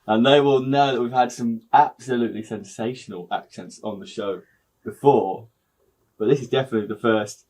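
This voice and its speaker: A man hosts a podcast in a relaxed, chatty style. He is upbeat and teases his guest with easy, jokey banter. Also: mid-range voice, moderate pace, breathy edge. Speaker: podcast host. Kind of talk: casual interview chat.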